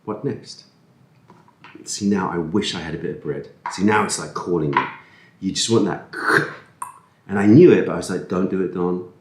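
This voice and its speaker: A man with a deep, low voice rambles on in a relaxed, self-mocking way, stumbling over words as he eats. He is recorded on a camera-mounted mic in an echoey room. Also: normal speed, pauses often, a little hiss or hum. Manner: rambling, self-deprecating, talks with food in mouth. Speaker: food vlogger. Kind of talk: casual chat while eating. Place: indoors at a table, eating.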